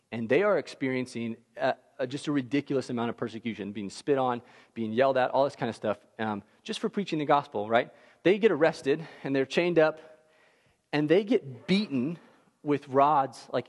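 A man preaching a sermon in an animated, conversational way, full of fillers like "like" and "right?". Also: medium pitch. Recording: long hall reverb.

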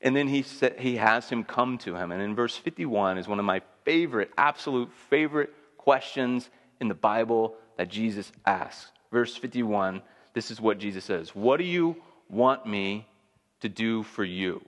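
A man's voice: on the low side, moderate pace, big-room sound. A man preaching a sermon in a conversational, emphatic way, building intensity as he makes his points. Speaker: pastor.

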